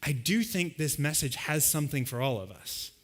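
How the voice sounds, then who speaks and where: A man's voice: a little high, expressive, moderate pace. A man preaching a sermon as pastor to a live congregation, talking in a loose conversational way and acting out everyday scenes. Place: church service with a live congregation.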